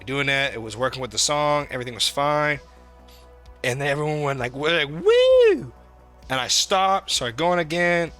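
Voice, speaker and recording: A man's voice: mid-range voice, normal speed, clear, resonant tone, soft background music. A young man from New England co-hosting a podcast, telling stories animatedly in casual chat and swearing a lot. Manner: animated storytelling, heavy swearing. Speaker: podcast co-host.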